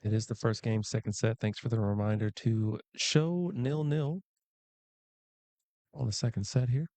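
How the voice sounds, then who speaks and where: A man's voice: on the low side, fairly even intonation, unhurried, dark tone. A man doing live pool commentary in a pool hall, chatty and playful, with jokey asides to the viewers.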